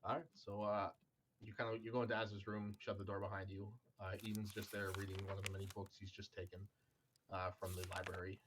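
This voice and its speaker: A man narrating a tabletop game as game master, relaxed and halting with many fillers. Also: fairly low pitch, slight background noise. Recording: stream with background music.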